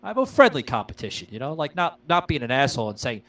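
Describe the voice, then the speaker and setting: A man's voice: mid-range voice, sing-song, fast, sharp tone, low-quality recording. A man hosting a casual podcast, talking loosely with lots of uh fillers, swearing freely and addressing his listeners as guys. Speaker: podcast host.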